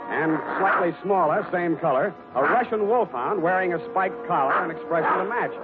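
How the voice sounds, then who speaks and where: A man playing a cool, wisecracking private eye narrating his case, dry and wry with a lively pitch. Classic 1940s radio drama over a tinny old broadcast with music behind. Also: natural voice.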